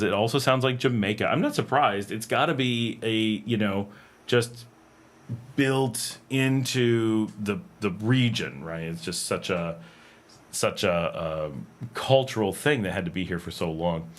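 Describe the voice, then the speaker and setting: A man's voice: fairly low pitch, unhurried. An American man hosting a livestream, chatting casually and reading viewer comments with fillers and frequent laughs. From North America. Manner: rambling, animated, laughs often, many fillers. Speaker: livestream host. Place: home in Nicaragua.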